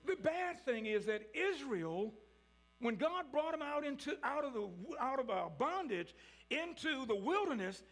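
A male preacher delivering a sermon, with call-and-response preaching that rises into shouts. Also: very high voice, very animated, a little slow.

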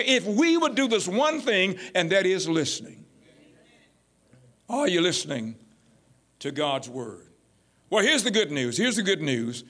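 A pastor preaching a sermon, calling out to his congregation and building to shouts. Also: high voice, sing-song, normal speed. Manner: call-and-response preaching, rising to shouts.

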